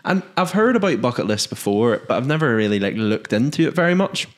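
A man hosting a casual podcast chat, joking and chatty. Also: medium pitch. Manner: lively, joking, quick asides. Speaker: podcast host.

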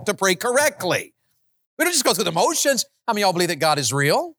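Guy preaching, y'all this y'all that, goes loud and high then drops low, dry close mic. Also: fairly quick, no room sound. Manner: animated, swings from loud high exclamations to low quiet stretches; rhetorical questions to the congregation. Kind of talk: sermon.

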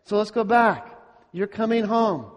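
A man's voice: high-pitched, unhurried. A middle-aged male pastor preaching a sermon, earnest and emphatic, repeating his points and asking the congregation rhetorical questions. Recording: long hall reverb.

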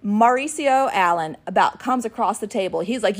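A middle-aged woman co-hosting a podcast, chatting and telling lively family stories about her kids in an animated way. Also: medium pitch, moderate pace, hardly any pauses. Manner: animated, acts out her kids' voices when retelling. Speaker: podcast co-host and ministry worker. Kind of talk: casual chat with storytelling.

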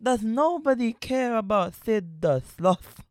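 A man's voice: sits high, lively intonation, slow, no room sound, clean studio sound, voice pushed up. A man imitating a whiny, lisping male cartoon sloth in a raised, pleading voice.

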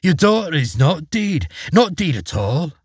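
A small, timid trout who speaks with nervous hesitation, put on by a man reading a storybook. His voice hops up and down in pitch with a slightly husky grain, recorded close and dry. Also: big pitch swings, measured pace, dry recording, full character voice. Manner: hesitant, apologetic.

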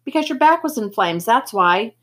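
A woman doing a kind, calming grown man. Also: fairly high pitch, normal speed. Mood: reassuring. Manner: gentle, reassuring, occasional slips. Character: kindly adult man, calm and reassuring. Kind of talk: reading a novel aloud.

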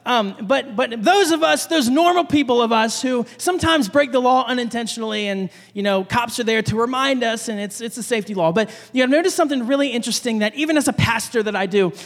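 A pastor in his young adult years preaches to his congregation in a chatty, storytelling way, switching into a fretful voice whenever he acts out what went through his head. His voice sits very high for a man, and it rings out with the long reverb of a church sanctuary. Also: fast, hardly any pauses. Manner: animated storytelling, acting out his own panicked thoughts. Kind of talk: conversational sermon with personal story.

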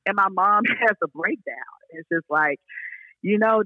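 A young woman from Memphis, a counselor telling her story in casual, animated talk. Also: mid-range voice, dry recording. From Memphis, USA. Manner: animated, laughs often, fast bursts. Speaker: guest, counselor and therapist. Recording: dull lo-fi sound.

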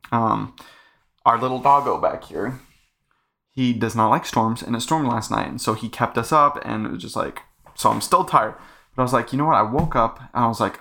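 Young man, podcast host, earnest and rambling, gravelly low voice. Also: fairly quick, bright, forceful tone. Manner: earnest, rambling with many "like" fillers. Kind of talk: casual faith podcast monologue.

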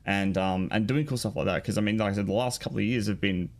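A man's voice: on the low side, fast talker. A man interviewing a guest over a remote call, in a casual, rambling way with stammered restarts and frequent ums.

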